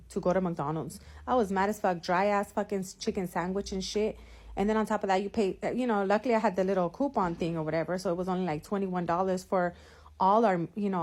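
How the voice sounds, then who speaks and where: A mother telling an animated, profanity-filled story about her day, rambling with lots of fillers like "whatever" and "you know.". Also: medium pitch. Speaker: mother venting in a clip. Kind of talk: ranting storytime. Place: California.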